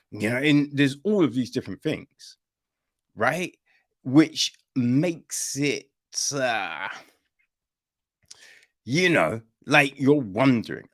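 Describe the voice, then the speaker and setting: A man's voice: mid-range voice, fairly bright tone. A man hosting a podcast in casual chat, swearing freely and checking in with "right?" and "you know what I mean?". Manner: swears freely and uses slang; acts out quoted reactions in shifting voices. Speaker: podcast host reviewing a film.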